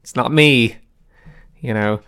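A man's voice: medium pitch, slow, fairly bright tone, smooth. A young man co-hosting a podcast, sounding tired and self-mocking in casual chat. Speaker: podcast co-host.

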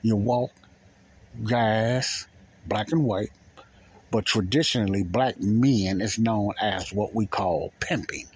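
Husky man rambling in plain talk. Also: on the low side, slow pace. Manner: rambling, repeats phrases, folksy plain talk. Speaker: podcast host. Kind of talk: casual spoken monologue.

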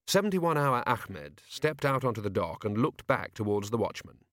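A man narrating an audiobook in a steady, wry storytelling manner. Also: medium pitch, moderate pace, no echo, clean studio sound. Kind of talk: scripted narration.

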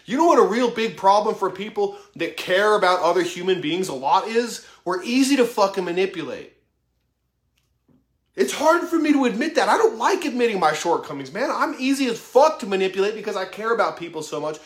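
A man's voice: high-pitched, sing-song, a little fast. A man in his thirties giving a blunt, profane motivational talk, open and emphatic about his own weaknesses. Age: 30s. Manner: blunt, heavy swearing, emphatic, self-revealing. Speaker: motivational vlogger. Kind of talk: profane motivational monologue to camera. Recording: echoey room.

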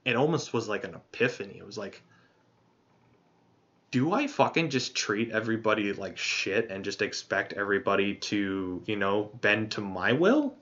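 A man's voice: lowish voice, lively intonation, normal speed, fairly bright tone. A man hosting a podcast, talking casually in a rambling, profane, soul-searching way. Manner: rambling, profane, introspective storytelling. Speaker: podcast host. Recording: dull lo-fi sound.

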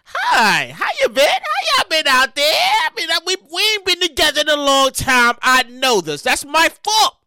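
A New York podcast host, a woman, talking casually and loudly to her listeners, swearing and venting as she goes. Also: high-pitched, normal speed, few pauses, dry recording, clean studio sound. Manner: loud, animated, swearing, vents and shouts. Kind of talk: casual solo podcast chat. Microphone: close podcast mic.

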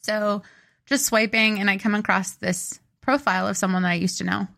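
Bright-voiced chatty young woman. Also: medium pitch, steady tone, a little fast, creaky. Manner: chatty, rambling, self-deprecating storyteller. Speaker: podcast co-host. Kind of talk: casual chat.

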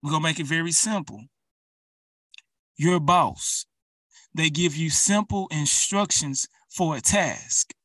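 A man's voice: a little high, slow pace, long pauses, bright, forceful tone, no room sound, recorded from a distance. A man preaching an urgent, emphatic sermon, speaking straight to his listeners.

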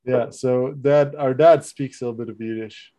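Man, podcast co-host, mellow warm voice, hesitant, casual chat. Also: mid-range voice, fairly even intonation, moderate pace. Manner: hesitant, telling jokes he wrote himself.

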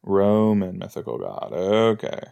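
A man's voice: low voice, sing-song, unhurried, creaky, mellow. A man hosting a podcast, reacting casually and jokingly while watching an episode. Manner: chatty, joking, thinks aloud with fillers. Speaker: podcast host.

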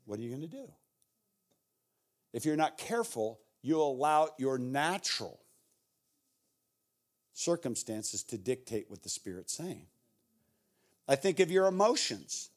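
A middle-aged man preaching as a guest speaker, telling stories in a conversational way that swings from hushed to intense. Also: medium pitch, very animated, measured pace, long pauses. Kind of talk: storytelling sermon.

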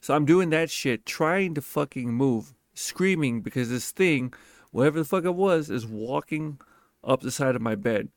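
A man spins a personal story in a loose, casual monologue, cursing freely and leaning hard on his words. His voice sits at an ordinary middle pitch. It is recorded close and dry, with no room sound. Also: moderate pace, no echo. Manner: profane, emphatic and animated.

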